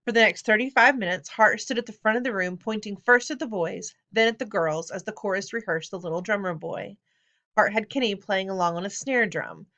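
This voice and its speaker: Woman, audiobook narrator, expressive, storytelling, mid pitch. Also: fairly quick, muffled recording. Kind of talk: scripted narration.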